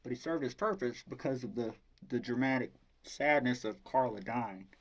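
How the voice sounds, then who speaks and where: A man's voice: medium pitch, moderate pace. A man casually retelling a novel's plot as a book reviewer, rambling and swearing freely.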